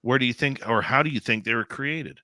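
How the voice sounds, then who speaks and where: A man's voice: mid-range voice, a little fast, sharp tone, no room sound. A man hosting a radio talk show, asking questions with wry, joking asides. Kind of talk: casual interview talk.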